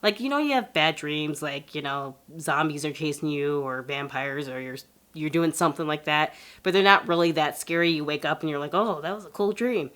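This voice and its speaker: A woman sets up a clip on a podcast in a chatty, casual way, with lots of fillers. Her voice sits low for a woman. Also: fairly quick, a bit bright. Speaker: podcast co-host.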